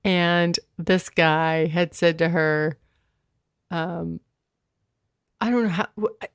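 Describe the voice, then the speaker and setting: Low-voiced woman chatting candidly. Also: slow pace, clear, resonant tone, no echo, studio quality. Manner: chatty, loose, full of fillers and laughs. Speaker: podcast host. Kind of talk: candid casual chat.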